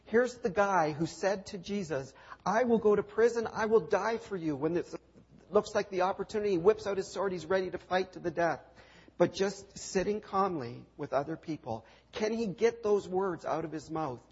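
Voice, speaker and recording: A man's voice: high-pitched, normal speed, husky. A male preacher retelling a scripture story dramatically, with rhetorical questions and repeated refrains. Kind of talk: sermon. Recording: dull lo-fi recording.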